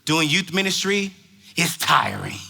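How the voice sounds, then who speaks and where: A man who is a youth pastor, telling a story in a dramatic and animated way during a motivational talk. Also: a little high, a little slow, creaky.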